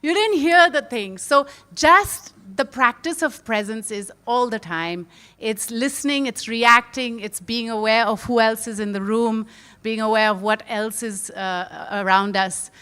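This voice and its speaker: A woman speaking as a panel guest, telling a story in a lively, animated way. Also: a little high, measured pace, clean tone.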